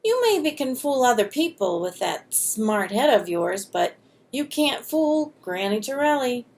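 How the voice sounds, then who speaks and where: A woman reading a storybook aloud, voicing a calm and patient old grandmother who coaxes with gentle questions. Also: on the high side, unhurried, gravelly, slight background noise, heavily acted. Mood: coaxing. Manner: coaxing, gently probing questions.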